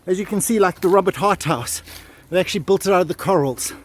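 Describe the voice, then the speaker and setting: Excitable high-voiced man vlogging outdoors. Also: quick pace, slight background noise. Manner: excitable, keeps exclaiming and repeating himself. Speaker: vlog host exploring ruins. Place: outdoors at old stone ruins in the countryside. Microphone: handheld camera mic.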